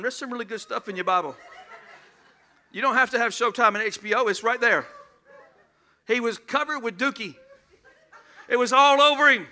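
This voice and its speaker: A male pastor preaching a humorous sermon in church, shouting at times and calling for responses from the congregation. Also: very high voice.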